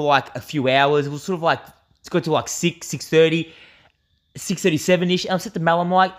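A young Australian man co-hosting a podcast in casual chat, rambling through a story with lots of fillers and swearing. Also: a little high. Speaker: podcast co-host.

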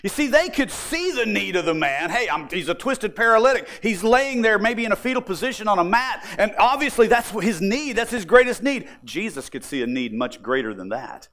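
A male pastor delivers a sermon with a high, lively voice that rises and falls a great deal. He preaches with energy and slips into acted voices when he quotes people. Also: moderate pace, few pauses.

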